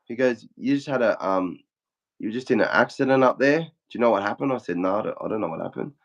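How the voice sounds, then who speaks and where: A man's voice: fairly low pitch, fast. Swearing Australian man, lo-fi sound. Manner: swears a lot, acts out quotes in a flat retelling. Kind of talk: casual chat.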